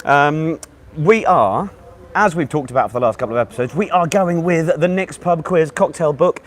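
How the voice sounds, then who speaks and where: Breathless, hoarse quiz host. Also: male voice, fairly high pitch, animated, normal speed. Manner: chatty, greets viewers and reads out their messages. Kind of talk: live-streamed quiz banter.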